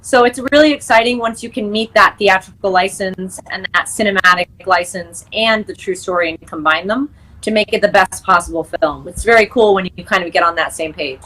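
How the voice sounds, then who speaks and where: This young woman, an actress and screenwriter, chats as an interview guest in a medium-pitched, sharp voice that runs a little fast. She's chatty, laughs easily, and fills her talk with fillers and restarts, though the audio quality is poor.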